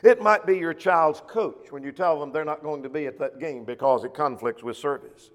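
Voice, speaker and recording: A man preaching a sermon in a church, measured and slowing down when he quotes scripture. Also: on the high side. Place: church auditorium. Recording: long echo of a church hall.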